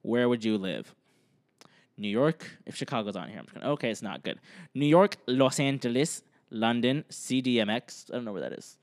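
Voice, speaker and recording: Brief: young male podcast co-host, mid-pitched, jokey, reads lists aloud. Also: animated, moderate pace. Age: young adult. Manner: joking, laughs often, lists items off. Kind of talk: casual chat, reading quiz options aloud.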